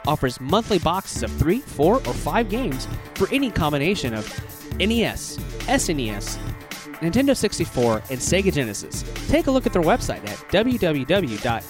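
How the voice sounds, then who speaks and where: A man's voice: fairly high pitch, very animated, normal speed. A man doing a scripted, upbeat ad read for a podcast. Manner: upbeat promotional delivery. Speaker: podcast host reading an ad. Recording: music playing under the voice.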